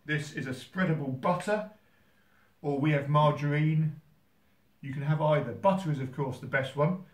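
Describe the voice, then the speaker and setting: A man hosting a how-to video from a holiday home kitchen, talking in a dry, mock-serious, gently teasing way. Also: fairly high pitch, moderate pace, echoey room, far from the mic. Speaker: host. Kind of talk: deadpan comic how-to video.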